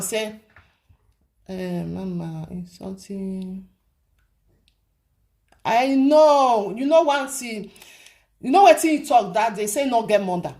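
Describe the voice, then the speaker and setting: A woman with a Nigerian accent talks straight to her viewers in a casual commentary vlog. Her voice sits a little high, and she presses her points hard. She repeats herself and keeps asking rhetorical questions. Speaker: vlogger.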